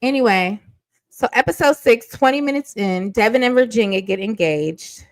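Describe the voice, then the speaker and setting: Woman commentator, sassy and blunt, fairly high voice, dry close sound. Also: normal speed, no echo, poor audio. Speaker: reality TV commentator. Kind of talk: casual reaction commentary.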